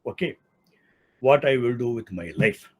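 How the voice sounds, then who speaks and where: An older man with an Indian English accent lectures as a law professor at a middle pitch. He explains patiently, repeats his key terms and checks in with "okay" as he goes. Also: animated, measured pace, husky. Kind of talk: academic lecture.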